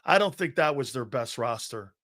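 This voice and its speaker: A man's voice: medium pitch, expressive, normal speed, a bit bright. A man hosting a live sports talk show, arguing his opinions emphatically and repeating himself as he builds a point.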